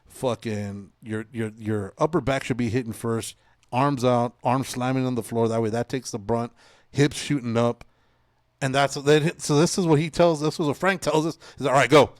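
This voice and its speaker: A man in his forties hosting a podcast, telling stories in a casual, profane, animated way. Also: mid-range voice, normal speed, dry recording, studio quality. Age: 40s. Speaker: podcast host. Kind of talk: casual chat.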